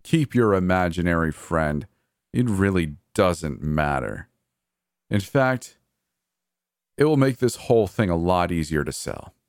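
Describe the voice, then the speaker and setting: A man's voice: sits low, lively intonation, unhurried, dry recording, studio quality. A man voicing a cold, gleeful, murderous adult brother in a horror story, with a taunting, sneering delivery. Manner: taunting, sneering, coldly cheerful.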